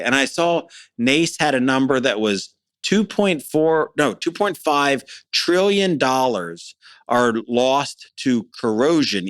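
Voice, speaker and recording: A man's voice: medium pitch, fairly bright tone, dry recording. Middle-aged guy chatting about his business, dry close mic, pumped up, stumbles over first words a lot. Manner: enthusiastic, plain-spoken, repeats words when starting phrases. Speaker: business owner guest. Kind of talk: conversational interview.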